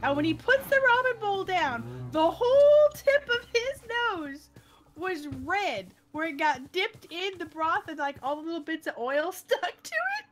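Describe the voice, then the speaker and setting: A woman's voice: very high voice, unhurried. A woman chatting with friends on a voice call while gaming, telling funny stories with lots of laughter. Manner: giggly, animated storyteller. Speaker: streamer playing with friends. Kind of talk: casual storytelling chat.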